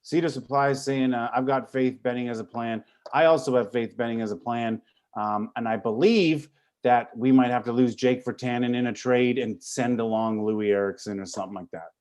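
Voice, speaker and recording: A man's voice: medium pitch, moderate pace, darkish tone. A man hosting a casual sports talk stream over a video call, joking and swearing freely as he talks. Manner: profane, joking, rambling. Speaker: host.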